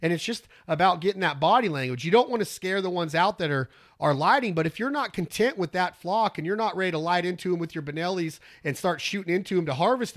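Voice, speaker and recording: A man, teaching duck calling in a rambling, folksy way, breaking into loud duck calls. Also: high-pitched. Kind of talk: casual instructional talk.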